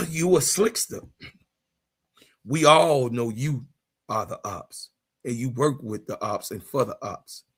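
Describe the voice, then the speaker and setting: A man in his fifties hosting a sports livestream, ranting in a heated, profane way, repeating himself and rising into shouts. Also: a little high, slightly rough. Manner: profane, repetitive, raises voice into shouts. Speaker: sports channel host.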